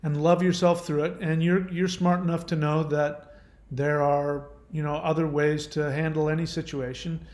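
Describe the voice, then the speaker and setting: A man hosting his own channel, answering viewer questions in casual, gentle, reassuring advice talk. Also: a little high, flat delivery, moderate pace, roomy sound.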